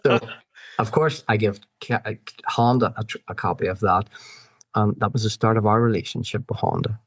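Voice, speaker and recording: A middle-aged man with a Northern Irish accent, a podcast guest telling animated anecdotes full of quoted back-and-forth dialogue. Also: fairly low pitch, moderate pace, husky, no echo. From Northern Ireland. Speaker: guest, former road racer. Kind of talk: storytelling in a podcast interview.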